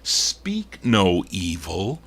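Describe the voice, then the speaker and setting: A man's voice: sits low, wildly swooping pitch, very slow, a bit bright, slightly rough. A man hosting an oldies record show, chatting casually about each record, reading label details aloud and stumbling now and then as he corrects himself. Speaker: radio show host. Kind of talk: casual record-spinning DJ patter.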